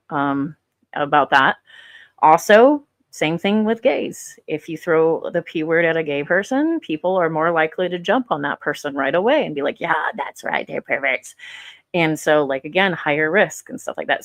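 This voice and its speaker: A woman with a low voice comments on online drama in a loose, rambling way, full of fillers and restarts. The sound is dry and close, with no room around it. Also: dry recording. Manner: rambling, many fillers, thinks aloud. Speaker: commentator reacting to clips. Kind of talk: casual commentary.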